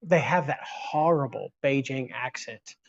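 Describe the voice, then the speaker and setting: A talkative man from the United States runs a casual live stream. His middle-pitched voice rambles along easily and answers viewers' comments as he goes. The audio is dull and lo-fi. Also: a little slow.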